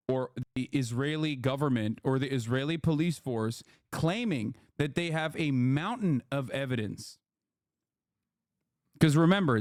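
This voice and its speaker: A man on an archived livestream clip, talking haltingly and often stopping to restart. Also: fairly high pitch, a little mellow, dry recording, clean studio sound. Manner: halting, many fillers and restarts. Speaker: streamer.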